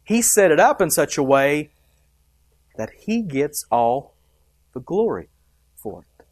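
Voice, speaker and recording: A man's voice: on the high side, sing-song, takes it slowly, no room sound, studio quality. A man preaching a sermon, emphatic and rising and dropping for effect, asking the congregation questions. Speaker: pastor.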